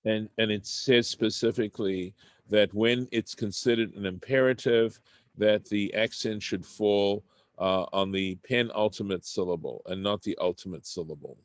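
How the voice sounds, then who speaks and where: Man, low-pitched teacher reading and explaining Hebrew text, halting delivery, dry close-mic sound. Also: no room sound. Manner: halting, thinking aloud, many restarts; reads Hebrew text, then translates into English. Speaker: Torah study teacher. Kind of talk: unscripted Torah study class.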